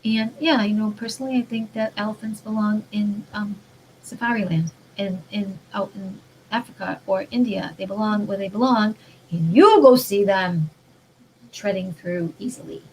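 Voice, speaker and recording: On a low-quality recording carrying slight hiss or hum, a female vlogger talks at a moderate pace in a medium-pitched voice. Her casual spiritual monologue on mindful living is earnest and rambling, with sentences frequently restarted.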